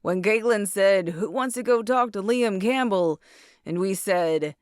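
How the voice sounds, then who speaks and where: A woman's voice: medium pitch, measured pace, no room sound, clean studio sound, lightly acted. A woman voicing a polite, composed former military man with an apologetic manner.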